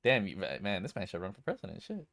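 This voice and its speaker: A man in a casual podcast chat, throwing in quick reactions and hyped agreement. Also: sits low, huge pitch swings, creaky, fairly bright tone, dry recording, studio quality. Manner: quick reactions, hype agreement, laughs along. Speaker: podcast co-host.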